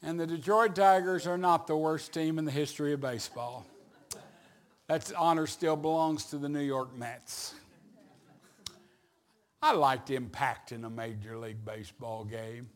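A middle-aged man preaching a sermon, telling a story with building energy and sudden shouts. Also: fairly high pitch, steady tone, measured pace. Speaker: evangelist preacher.

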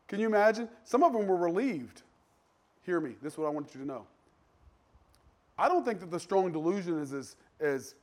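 Animated, slightly high-voiced male preacher. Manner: animated, with sudden jumps in pitch and loudness; conversational, joking asides. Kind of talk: sermon.

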